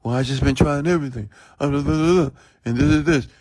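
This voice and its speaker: Self-pitying grown-up whiner, high strained voice, as a man puts him on. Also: quick pace, a little mellow, no echo, studio quality, natural voice. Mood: complaining. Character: whiny grown adult complaining like a child.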